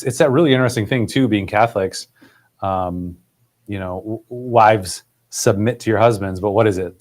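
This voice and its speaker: A man hosting a podcast in casual conversation, rambling and leaning on "like" as filler. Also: fairly low pitch. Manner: rambling, heavy use of "like".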